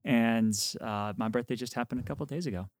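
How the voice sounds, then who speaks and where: A man's voice: mid-range voice, fairly quick, a little mellow, no room sound, studio quality. A man co-hosting a podcast who laughs easily, teasing his friends before turning earnest as he explains his faith. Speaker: podcast co-host, priest. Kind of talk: casual chat, explaining faith.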